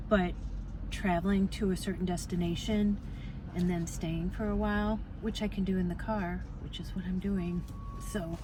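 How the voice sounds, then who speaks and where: Chatty woman in her sixties vlogging. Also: mid-range voice. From Minnesota. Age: 60s. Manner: rambling, relaxed, many fillers. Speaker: travel vlogger. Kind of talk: casual chatty vlog. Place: inside a car on a road trip. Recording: road and engine noise behind.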